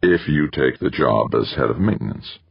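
A slick, manipulative male administrator in an audiobook, as a man puts him on over his own low register. He coaxes and lectures, and his husky voice has some gravel in it. The recording is dry and a little dull. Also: lively intonation, normal speed, dry recording, full character voice. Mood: lecturing. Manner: coaxing, persuasive.

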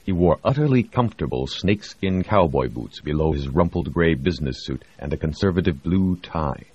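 Deep, husky male audiobook narrator. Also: expressive, normal speed, a little mellow. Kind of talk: scripted narration. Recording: dry, slightly muffled audio.

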